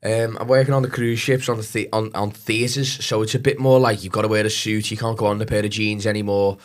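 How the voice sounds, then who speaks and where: A man from Liverpool speaks with a Scouse accent he has toned down, his voice sitting a little low. He tells stories in a loose chat, swearing freely and acting out other people's voices. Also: quick pace. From Liverpool, England. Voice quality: animated, swears a lot, acts out voices. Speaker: comedian guest. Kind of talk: casual podcast chat, storytelling.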